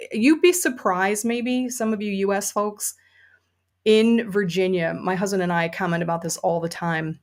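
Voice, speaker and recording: A woman hosting a casual livestream, chatty and enthusiastic, with many fillers. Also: on the low side. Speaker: podcast host and novelist.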